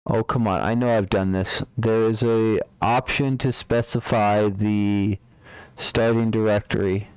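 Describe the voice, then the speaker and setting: Male live-coder, unhurried and low-pitched, mumbles and repeats himself as he works through a bug. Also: steady tone, a little mellow, smooth, no room sound. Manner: muttering to himself, trailing off, repeating words. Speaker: live-streaming programmer. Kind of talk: thinking aloud while debugging code.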